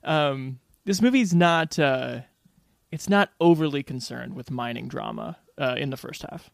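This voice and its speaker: A man's voice: mid-range voice, measured pace, creaky, no room sound, clean studio sound. A man co-hosting a podcast in casual film discussion, searching for words as he talks. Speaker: podcast co-host.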